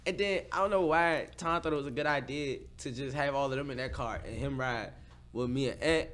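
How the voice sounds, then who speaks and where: A man co-hosting a podcast, telling a story in casual chat, animated and laughing often, his voice jumping high when he gets excited. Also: a little fast. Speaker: podcast co-host.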